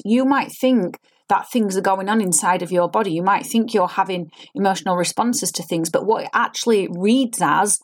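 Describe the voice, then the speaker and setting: A woman, an acting coach giving an earnest, explanatory spoken lesson and demonstrating line readings. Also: medium pitch.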